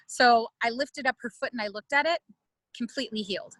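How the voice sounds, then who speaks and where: A middle-aged ethnobotanist leads a virtual plant walk, teaching casually and telling stories at a warm pace with frequent fillers. Her voice is on the high side and a little fast, captured in a dry recording with poor audio.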